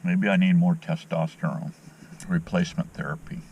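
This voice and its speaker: A man's voice: deep voice, steady tone, normal speed, creaky, a little mellow, lo-fi sound, slight background noise. A middle-aged man chatting in a folksy, rambling way while fishing outdoors on a dock, talking to the camera on a handheld phone. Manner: folksy, rambling, opinionated, many fillers. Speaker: fishing vlogger. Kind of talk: casual rambling vlog chat.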